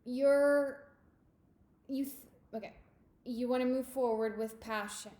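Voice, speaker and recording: Woman tarot reader, unhurried and emphatic, intimate with listener, echoey room. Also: high-pitched, steady tone, mellow. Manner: intimate, emphatic, addresses listener as darling and babe. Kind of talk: tarot reading monologue.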